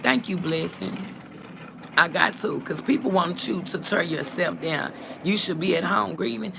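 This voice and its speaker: A woman vlogger, talking bluntly to her viewers, cursing and swinging between calm and heated. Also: mid-range voice, normal speed, creaky, a little hiss or hum. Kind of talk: casual talk to viewers.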